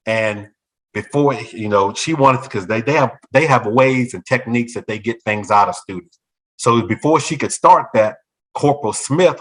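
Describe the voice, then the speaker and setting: Male, former principal recounting a personal story in conversation; animated delivery, mid-range voice, slips into others' voices. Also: lowish voice, rough recording. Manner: animated, acts out other people's voices in quotes. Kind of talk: storytelling in a talk show conversation.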